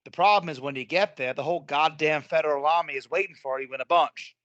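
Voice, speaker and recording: A man voicing a blunt, gruff Confederate general with a drawling, profane Southern US accent. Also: fairly high pitch, fast, fairly bright tone, dry recording, highs cut off, close to an everyday voice.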